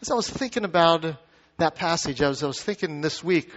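A man's voice: on the high side, animated, fairly quick, a bit bright. A man preaching a sermon as pastor, reading scripture aloud and asking the congregation questions. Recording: muffled sound with long hall reverb.

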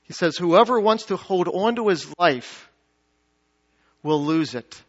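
A male pastor preaching to his congregation, swinging from emphatic peaks to quiet low asides and asking the crowd questions. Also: expressive, slow. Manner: dynamic preaching, rising to emphatic peaks then dropping low. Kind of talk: sermon. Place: church sanctuary. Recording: dull lo-fi sound.

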